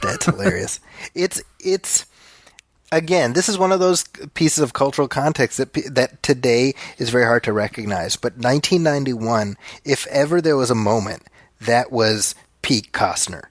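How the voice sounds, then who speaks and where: A man's voice: mid-range voice, moderate pace, no echo. A man co-hosting a casual movie commentary podcast, easygoing, padding his points with fillers and slipping in wry jokes. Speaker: podcast co-host.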